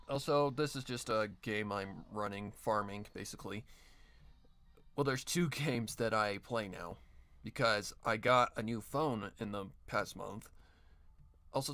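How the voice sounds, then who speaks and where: A man's voice: mid-range voice, animated, unhurried, fairly bright tone. A man streaming while he edits an audio drama, chatting casually in a rambling, self-correcting way and swearing now and then. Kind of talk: casual live-stream chat.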